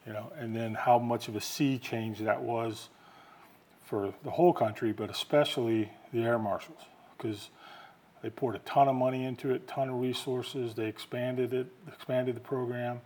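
A man's voice: mid-range voice, steady tone, moderate pace, a little mellow. A man hosting a podcast interview, asking casual, reflective questions. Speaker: podcast host. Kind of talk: interview conversation.

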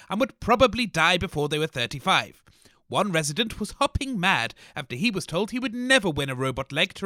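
A man's voice: sits high, bright, forceful tone, no echo, clean studio sound, heavily acted. A man playing a nervous, exasperated radio co-host who stammers through a comedy radio sketch. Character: flustered, squeamish male radio co-host.

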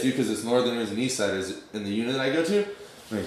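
A man's voice: mid-range voice, fast talker, a little hiss or hum. A young man telling a rambling, profane story in slang, full of fillers. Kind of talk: casual storytelling. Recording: very echoey room.

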